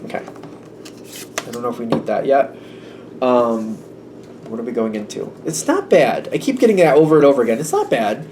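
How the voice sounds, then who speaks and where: A man's voice: medium pitch, big pitch swings, fairly quick, long pauses, a little mellow, a little hiss or hum. A man giving a casual tarot reading, rambling and thinking aloud, acting out little quoted exchanges. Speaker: tarot reader.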